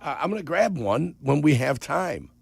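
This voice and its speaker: A man co-hosting sports radio, talking bluntly and teasing his partner, his voice gravelly and congested with sinus trouble. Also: a little high, big pitch swings, normal speed, no room sound. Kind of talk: casual sports talk. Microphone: studio broadcast mic.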